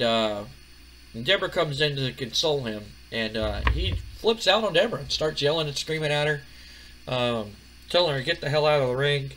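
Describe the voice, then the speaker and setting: A man's voice: mid-range voice, a little hiss or hum. A man casually commentating his wrestling management game, rambling with lots of fillers. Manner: relaxed, rambling, many fillers. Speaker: gaming channel host. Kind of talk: casual let's-play commentary.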